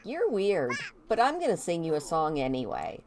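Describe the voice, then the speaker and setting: A woman's voice: on the low side, huge pitch swings, moderate pace, noisy background. A woman voicing a chatty, cheerful toddler girl in a life-simulation game, babbling in a sweetly bossy way. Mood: playful.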